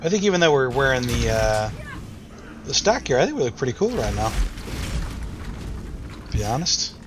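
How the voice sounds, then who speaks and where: A man's voice: mid-range voice, big pitch swings, moderate pace, background noise. An American man thinking aloud and rambling through casual let's-play commentary, with self-deprecating asides. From United States. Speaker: gaming YouTuber.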